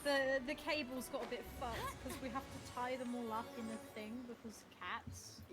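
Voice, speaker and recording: A woman's voice: a little high, steady tone, moderate pace, music in the background. A woman chatting casually on a gaming stream, talking while eating. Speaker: streamer co-host.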